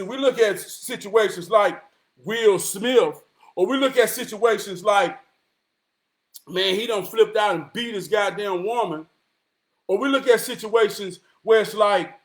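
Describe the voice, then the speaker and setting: A motivational vlogger with a strikingly high-pitched voice gives a preachy monologue. He's emphatic and profane, often climbing to a shout, and slows down to repeat his key lines so they land.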